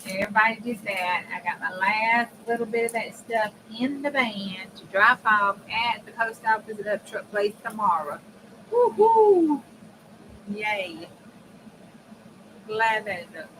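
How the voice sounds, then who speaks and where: A woman hosts a casual crafting stream, talking with viewers and laughing often at a moderate pace with few pauses, her mid-range voice pushed and bright. The rough recording, made on a desk mic in her home craft room with the air conditioner on, carries a faint fan hum.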